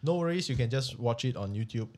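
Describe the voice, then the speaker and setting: A man's voice: mid-range voice, lively intonation, quick pace, a little mellow. A man with a Singaporean English accent chatting casually as a podcast guest, laid-back and dropping "lah" often. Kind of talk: casual chat.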